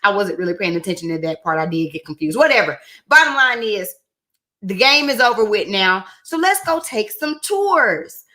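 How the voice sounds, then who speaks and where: A woman's voice: mid-range voice, very animated, normal speed, bright, forceful tone. A woman giving a chatty, sassy recap of a reality show episode, with in her speech. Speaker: reality TV reviewer. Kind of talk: casual recap commentary.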